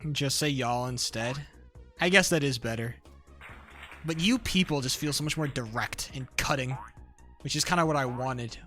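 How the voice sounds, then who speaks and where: A man's voice: medium pitch, moderate pace, sharp tone, faint music behind. A young man chatting casually on a live stream, rambling, restarting sentences and swearing a lot.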